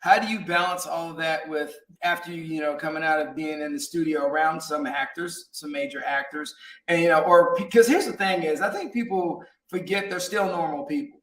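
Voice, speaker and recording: A man's voice: on the high side, brisk, fairly bright tone. A man hosting an interview show, talking in a rambling, casual way with lots of fillers and frequent laughs. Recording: roomy, distant from mic.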